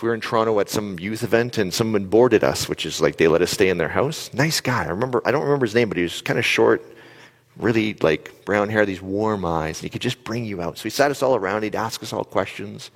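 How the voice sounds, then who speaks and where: Male speaker, very low voice, animated storyteller who quizzes the audience, long hall reverb. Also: a little fast. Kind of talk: live motivational talk.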